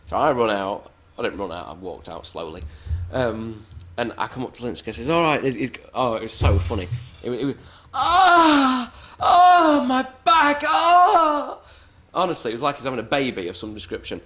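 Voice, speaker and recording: A man with a fairly low voice spins wrestling stories in a loose, casual way. He is blunt and swears freely, often poking fun at himself. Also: fast talker, hardly any pauses. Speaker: professional wrestler interviewee. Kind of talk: casual anecdotal storytelling.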